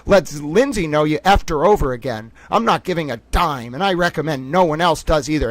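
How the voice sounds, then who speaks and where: Male stream host, heated commentary, raised pitch, dry close sound. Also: animated, fairly quick, hardly any pauses, dry recording. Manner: heated, indignant, swings from shouting to quiet; reads posts aloud. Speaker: livestream host.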